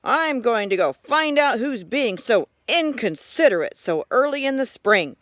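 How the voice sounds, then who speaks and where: A woman's voice: fairly high pitch, very animated, measured pace, fairly bright tone, no echo, voice pushed up. A woman voicing a cranky male possum in a storybook read-aloud, indignant and demanding.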